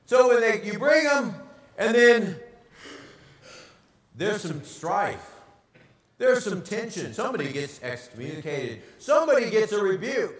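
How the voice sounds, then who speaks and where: A pastor preaching a sermon, animated and asking the congregation rhetorical questions. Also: male voice, sits high, measured pace, pauses often, reverberant, recorded from a distance.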